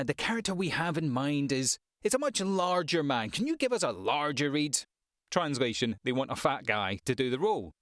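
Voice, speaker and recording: A man's voice: mid-range voice, no echo, studio quality. A man who works as a voice-over actor and coach, giving frank, conversational advice with wry asides. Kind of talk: advice vlog to the camera.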